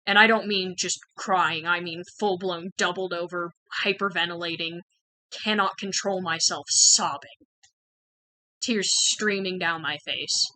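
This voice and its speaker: Young woman, candid personal story, frank chatty delivery, fairly low, bright tone. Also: steady tone, unhurried, dry recording, rough recording. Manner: frank and conversational, with many "like"s and "um"s. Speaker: channel host sharing personal experience.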